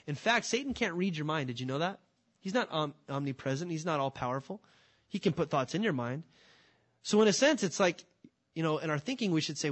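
A man's voice: a little high, expressive, brisk. A man preaching a sermon, emphatic and full of rhetorical questions. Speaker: pastor.

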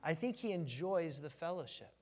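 Pastor, male, higher-pitched voice, chatty and joking, trips over his words, long hall echo. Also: animated, moderate pace, a little mellow. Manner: joking, folksy, frequent restarts and stammers. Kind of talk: casual conversational sermon. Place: church sanctuary.

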